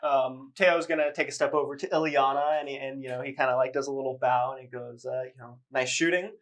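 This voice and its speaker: A man's voice: mid-range voice, level tone, quick pace. A man playing a tabletop game, casual, laughing, with lots of fillers. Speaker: player.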